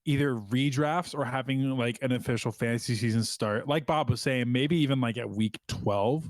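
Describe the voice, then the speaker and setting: A man's voice: medium pitch, moderate pace, no echo, clean studio sound. A man co-hosting a casual podcast chat over a remote call, joking and talking over the others. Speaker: podcast co-host.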